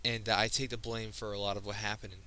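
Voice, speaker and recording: Poor audio with slight background noise holds a teen boy's low, flat, bright, and forceful delivery. In a personal vlog, the video creator sounds emotional and earnest while he stumbles, pauses, and restarts frequently.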